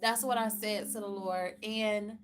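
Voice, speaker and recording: A woman's voice: mid-range voice, fairly even intonation, unhurried, a little hiss or hum. A woman giving a candid personal faith testimony, earnest and frank, repeating phrases for emphasis. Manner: speaks to God plainly and frankly. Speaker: faith vlogger.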